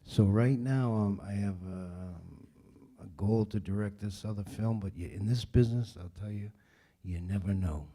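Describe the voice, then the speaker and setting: A man speaks in a low, dark, husky voice. He answers questions in an easygoing, rambling way, full of fillers and restarts. It is casual panel talk. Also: normal speed. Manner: relaxed, rambling, frequent fillers. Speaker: director answering audience questions.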